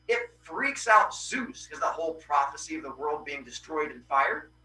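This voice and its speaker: A man hosting a podcast, casually retelling Greek myths with animated voices for the characters. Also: sits high, reverberant, far from the mic, slight background noise, low-quality recording. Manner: animated, acts out characters' cries. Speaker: podcast host.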